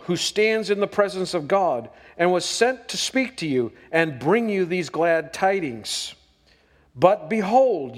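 A man's voice: a little high, long reverb tail. A man preaching a sermon as pastor, folksy and emphatic, drawing out the verses he reads.

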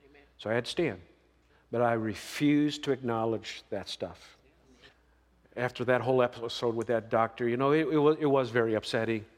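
A man preaches in a relaxed, talky way, pushing his voice up for emphasis and checking in with his listeners. His voice rings out with the long reverb of a large hall. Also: mid-range voice, normal speed. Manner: conversational preaching with emphatic rises and "right?" asides. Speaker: pastor. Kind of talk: sermon.

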